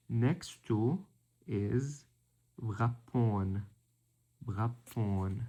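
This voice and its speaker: A man giving a language lesson, reading out words slowly and deliberately one by one. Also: mid-range voice. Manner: slow, deliberate, spells out word by word. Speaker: language teacher.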